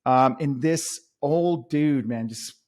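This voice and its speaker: A man's voice: mid-range voice, takes it slowly, darkish tone. Rambling man on a casual podcast. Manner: rambling, full of fillers and restarts. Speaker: podcast guest telling a travel story.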